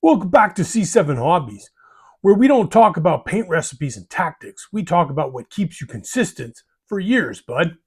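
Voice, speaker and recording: A man's voice: high voice, sing-song, normal speed, slightly rough. A man hosting a hobby channel, delivering a scripted monologue in a folksy way, ending lines with "eh?" and "bud".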